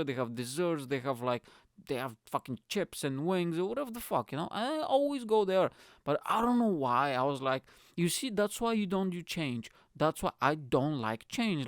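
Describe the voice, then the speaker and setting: A young man hosting a comedy podcast from home, ranting in a profane, animated way. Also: on the high side, smooth, no echo, clean studio sound. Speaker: podcast host.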